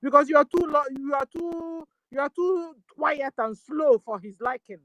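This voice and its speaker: A woman's voice: sits high, normal speed, hardly any pauses, fairly bright tone, no room sound, poor audio. A Nigerian woman speaking with fervor on a call-in discussion, full of rhetorical questions and repeated rallying phrases, switching into Igbo now and then. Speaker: guest speaker.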